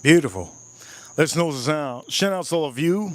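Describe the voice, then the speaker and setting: A man's voice: mid-range voice, sing-song, moderate pace. A man hosting a casual live stream, tasting whiskey and joking with his chat in a playful, repetitive way. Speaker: livestream host reviewing whiskey.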